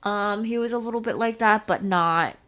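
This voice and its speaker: A woman's voice: medium pitch, moderate pace, a bit bright. A woman co-hosting a casual movie podcast, talking thoughtfully and searching for her words with many fillers. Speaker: podcast co-host.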